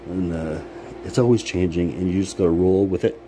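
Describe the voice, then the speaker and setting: A man's voice: low voice, brisk, dark tone. A man giving a casual, rambling motivational talk, swearing freely and laughing at his own remarks. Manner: rambling, profane, laughs often. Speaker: vlogger. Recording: background noise, air conditioning hum.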